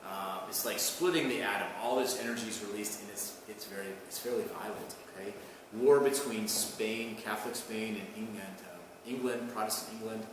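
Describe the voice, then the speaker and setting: A man's voice: lowish voice, moderate pace. A man giving a recorded college history lecture in a conversational way. He keeps checking in with "okay?" and "right?" and often restarts his phrases. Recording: echoey far-off room mic with noise.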